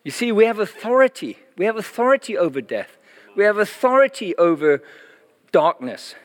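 A middle-aged man, preaching a sermon as a lively, chatty testimony story, full of fillers and frequent laughter. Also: sits high, normal speed. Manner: animated, chatty, laughs often, many fillers. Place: church hall. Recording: long reverb in a church hall.

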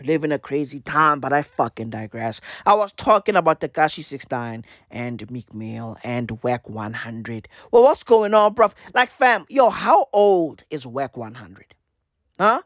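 A woman, rattling off a slangy, swear-filled comedic rant, her pitch leaping all over. She talks at an unhurried pace, repeats herself and mimics animal noises. The sound is dry and close. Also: expressive, dry recording. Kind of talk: casual comedic rant to camera.

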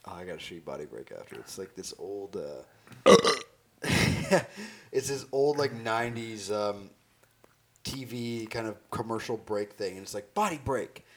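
A man's voice: on the low side, expressive, unhurried. A young man telling a rambling story in crude, casual banter with friends. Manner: rambling, many fillers and restarts.

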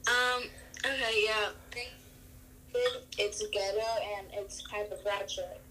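A woman's voice: medium pitch, steady tone, slow, pushed and bright, slight background noise, low-quality recording. A young woman answering questions on a homemade mock news show, blunt and terse, prone to giggles. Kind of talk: casual mock news banter.

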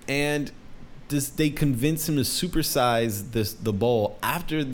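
A man's voice: mid-range voice, a little slow, a little hiss or hum. A young man ranting casually, swearing a lot and restarting his sentences often. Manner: profane, rambling, many restarts. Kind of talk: casual rant.

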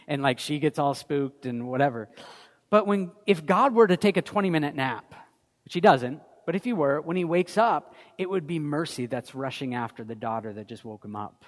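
A man in his thirties giving a conversational sermon as a pastor, telling stories from family life in an animated way. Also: on the high side. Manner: conversational, anecdotal, animated storytelling. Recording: long hall reverb.

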